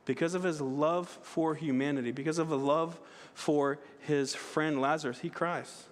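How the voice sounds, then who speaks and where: A man's voice: on the high side, steady tone, normal speed. A male pastor preaching a sermon in a conversational way, often asking "right?" and restarting his phrases, in a church sanctuary. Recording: long hall reverb.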